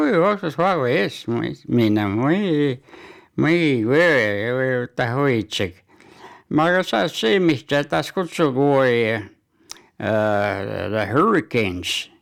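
Male community announcer, unhurried and hesitant, lots of fillers, gravelly texture. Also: mid-range voice. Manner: halting delivery with many fillers. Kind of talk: community announcements and sports news.

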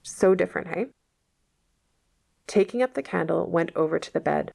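A woman's voice: on the low side, lively intonation, normal speed, vocal fry, darkish tone, slightly rough. A woman reading a novel aloud and patiently explaining old words in casual asides, as a teacher.

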